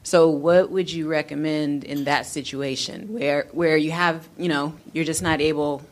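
A woman from the audience asking a preacher a question, hesitant and reflective, with many pauses and restarts. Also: low voice, steady tone.

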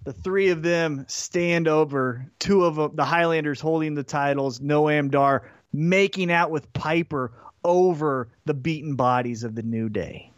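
Man, podcast co-host, casual storytelling, slightly high voice, dry close sound. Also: a little slow, few pauses, no echo, lo-fi sound. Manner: animated storyteller, acts out quotes in put-on voices. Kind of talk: casual chat recapping wrestling.

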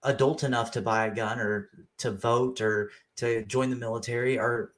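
A man's voice: medium pitch, moderate pace. A young adult man from the United States, co-hosting a podcast in casual chat, telling stories with lots of laughter. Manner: animated storytelling, laughs often. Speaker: podcast co-host.

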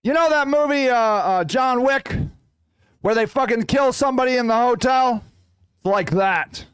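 A man hosting his own podcast, ranting in a profane, fiery way that swings from loud outbursts to low, muttered growls. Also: moderate pace, smooth, no echo. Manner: animated, ranting. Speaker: podcast host. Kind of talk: solo podcast rant.

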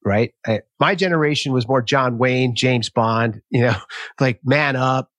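A man in his fifties hosting a conversational interview, an animated storyteller. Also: mid-range voice, unhurried, no room sound. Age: 50s. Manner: lively storyteller who acts out quotes in raised voices. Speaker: podcast host.

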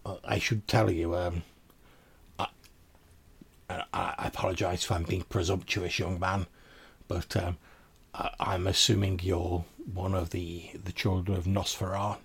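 A man's voice: low-pitched, little pitch movement, a little slow, slightly rough, heavily acted. A man playing a stately old vampire crone. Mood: cautionary. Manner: formal, hesitant, repeats words. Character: old female vampire crone, courteous and proud. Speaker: game master.

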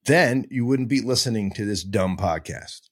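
A man's voice: fairly low pitch, expressive, normal speed, slightly rough. A man hosting a podcast, teaching in a casual, digressive and self-mocking way, breaking into goofy sound effects. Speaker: podcast host.

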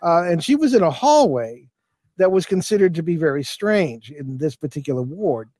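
A man's voice: a little high, very animated, moderate pace, dark tone, dry recording. Older man telling a rambling ghost story. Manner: rambling, many fillers and restarts. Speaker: paranormal investigator guest. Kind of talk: storytelling in an interview.

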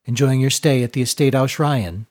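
A man voicing a sharp-tongued young woman with a husky voice, curt and scornful. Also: medium pitch, normal speed, lightly acted. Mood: disdainful.

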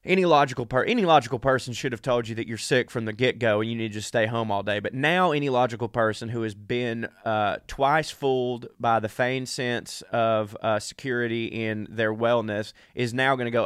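A man's voice: medium pitch, moderate pace, hardly any pauses, a bit bright, clean tone, dry recording, studio quality. A man from the American South, sick and a little out of breath, hosting a crude, rambling, self-deprecating comedic monologue. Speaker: podcast host.

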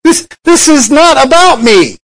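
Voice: high voice, sing-song, unhurried, fairly bright tone, pitched above the performer's own voice, exaggerated voice, low-quality recording. A preacher voicing Jesus rebuking Satan, firm and emphatic, repeating lines in a sermon.

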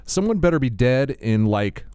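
A man's voice: mid-range voice, big pitch swings, moderate pace, dark tone, clean tone, dry recording. A man co-hosting a casual podcast, chiming in with sarcastic quips and laughs. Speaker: podcast co-host. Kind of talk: casual chat.

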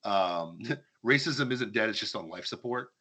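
Husky, lively man ranting. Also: on the low side, measured pace. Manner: ranting, sarcastic, emphatic. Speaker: podcast host. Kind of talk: heated opinion talk.

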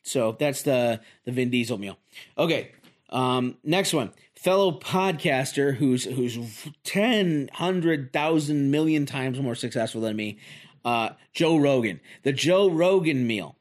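A man's voice: medium pitch, animated, takes it slowly. A man in his forties hosting a podcast, giving a rambling, self-deprecating comedic monologue. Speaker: podcast host.

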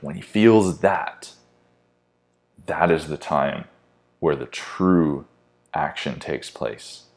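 A man's voice: a bass voice, a little mellow. A man coaching clients, giving an intense, blunt motivational talk and swearing casually. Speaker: fitness coach.

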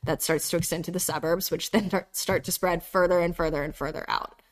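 A woman's voice: fairly low pitch, fairly even intonation, brisk. A woman from North Carolina talking in a casual podcast conversation, earnest and reflective, often repeating her phrases. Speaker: podcast speaker.

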